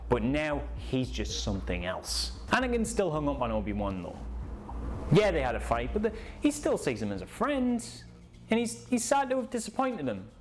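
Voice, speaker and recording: A man narrating a story in a casual, animated way and acting out the scenes. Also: medium pitch, a little hiss or hum. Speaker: YouTube creator.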